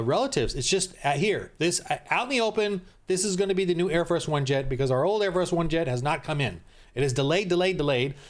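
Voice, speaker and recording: A middle-aged man reacts to a clip in a heated, rambling rant and keeps breaking off and restarting. His voice sits slightly high for a man. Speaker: Christian commentator. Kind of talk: ranting reaction commentary.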